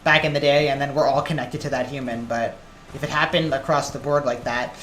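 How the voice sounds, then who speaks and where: A man's voice: mid-range voice, steady tone, moderate pace. Rambling male game streamer, echoey room. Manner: rambling, thinks aloud with fillers. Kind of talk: casual live-stream chat while gaming. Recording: echoey room with loud background noise.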